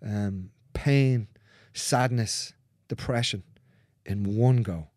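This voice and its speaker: A man speaking as a guest in a candid conversation, earnest and repetitive, swearing freely and dropping into soft, near-whispered phrases. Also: fairly low pitch, very slow, dry recording, studio quality.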